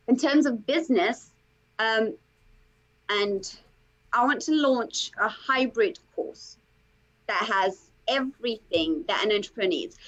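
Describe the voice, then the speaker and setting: Emphatic woman coach on a dull call. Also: medium pitch. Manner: animated, emphatic, uses lots of "okay" and "like". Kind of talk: interview guest.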